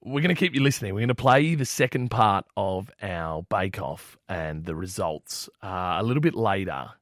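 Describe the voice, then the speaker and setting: A man's voice: low-pitched, expressive, moderate pace, fairly bright tone, dry recording, studio quality. A man, cohosting a podcast in casual, joking banter. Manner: laughing, joking. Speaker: podcast co-host.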